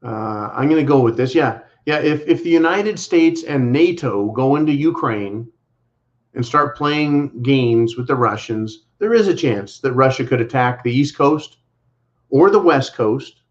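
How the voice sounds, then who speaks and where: A man's voice: medium pitch, lively intonation, unhurried. A man co-hosting a livestream, giving casual political commentary in an emphatic, repetitive way and speaking to viewers as "folks". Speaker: livestream co-host. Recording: dull lo-fi livestream audio.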